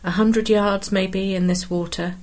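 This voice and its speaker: A woman's voice: medium pitch, steady tone, a little slow, a little mellow, close to an everyday voice. A woman reading the lines of a desperate, volatile middle-aged fisherman, with harsh barking outbursts. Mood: tender.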